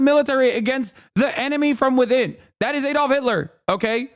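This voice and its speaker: A man streaming live, reacting to a clip with animated, indignant commentary, swearing and laughing often. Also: very high voice, brisk, few pauses.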